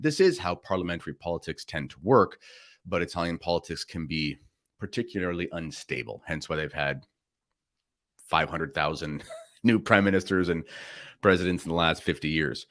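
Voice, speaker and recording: Male host, low-pitched, casual commentary delivery, dry close sound. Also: a bit bright, no room sound. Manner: casual, conversational with fillers and asides. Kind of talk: pre-recorded commentary show.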